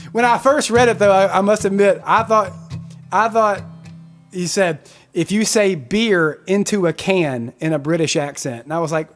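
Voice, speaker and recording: A man's voice: sits high, moderate pace, faint music behind. A man in his forties, a musician hosting a live stream, chatting casually and rambling as he reads out viewer comments. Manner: chatty, rambling, self-correcting.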